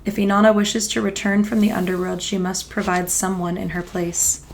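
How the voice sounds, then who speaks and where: A woman's voice: medium pitch, level tone, moderate pace, gravelly, a little hiss or hum, lightly acted, rough recording. A woman voicing stern judges of the underworld making a pronouncement.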